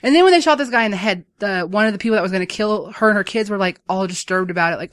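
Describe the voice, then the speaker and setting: A speaker in casual chat, retelling a movie's plot in a rambling, animated way with many fillers. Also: medium pitch, very fast, clear, resonant tone, no echo, studio quality. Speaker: movie recapper.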